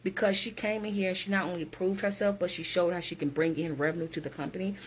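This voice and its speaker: A woman's voice: fairly low pitch, fairly even intonation, fast talker, slight background noise. A woman who works as a hiring manager, talking straight to her viewers in a direct, emphatic motivational vlog.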